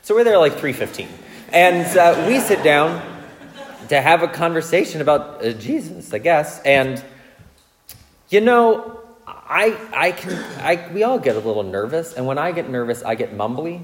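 A man preaching a sermon, telling self-mocking stories in a lively way and checking in with the audience. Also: on the high side, moderate pace. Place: large church hall. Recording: long reverb of a large church hall.

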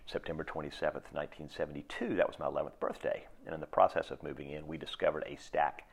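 A man in his sixties preaching a sermon in a reflective, halting way, with pauses and restarts. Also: rumbling low, fairly even intonation, gravelly, slightly rough. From United States. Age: 60s. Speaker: pastor.

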